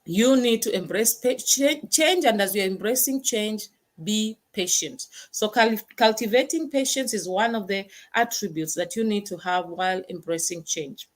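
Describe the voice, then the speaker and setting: A woman's voice: mid-range voice, normal speed. A woman hosting a motivational talk, stressing points by repeating words. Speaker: host.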